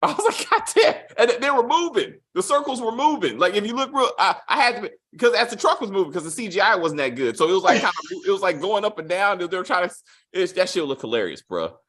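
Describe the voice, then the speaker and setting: A man hosting a casual spoiler review of a TV episode, animated and profane, acting out quotes with big swings in his voice. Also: sits high, fast talker. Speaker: TV review host.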